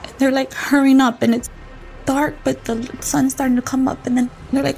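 Over soft background music, a mother recounts a tense experience in an interview, emotional and urgent, re-enacting the quoted voices as she goes. Her voice is high-pitched, creaky, and a little mellow, with flat delivery at a moderate pace.

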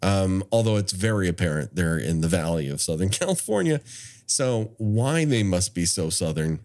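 A low-pitched man chats casually as a podcast co-host, recapping a horror movie scene by scene. His voice swings widely in pitch, rising and dropping as he jokes. He laughs often between lines. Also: normal speed. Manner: animated, laughs often, plot-summarizing.

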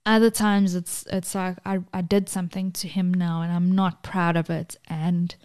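A woman's voice: fairly low pitch, flat delivery, moderate pace, darkish tone. A woman co-hosting a podcast, talking candidly and close to tears, frank and swearing. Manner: emotional, tearful, frank with swearing. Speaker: podcast co-host.

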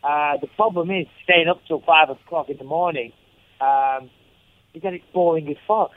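Calling in by phone for a relaxed interview, a male fighter keeps things upbeat, cracking jokes and cursing freely. He speaks at a moderate pace in a voice on the high side. The recording is dry, with the tinny sound of a phone line.

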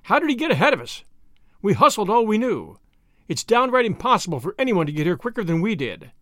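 A man voicing a brash, breezy young American man with quick, slangy talk, in an audiobook reading. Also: high-pitched, sing-song, a bit bright, no room sound, clean studio sound, voice pushed up. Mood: puzzled.

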